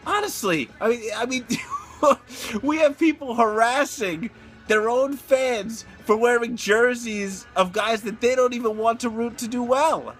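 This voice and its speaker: A middle-aged man with a notably high voice vents about football in a casual rant. He exclaims and laughs as he goes, and his delivery is animated and excitable. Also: a little slow, soft background music. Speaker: sports betting vlogger.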